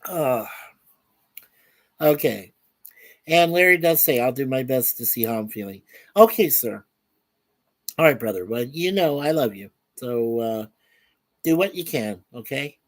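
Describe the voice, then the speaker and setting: An older man chats on a casual live stream, reading out viewer comments one after another. His talk is affectionate and loose, full of fillers and easy laughter, at an ordinary middle pitch. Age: over 50. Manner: affectionate, rambling, laughs easily.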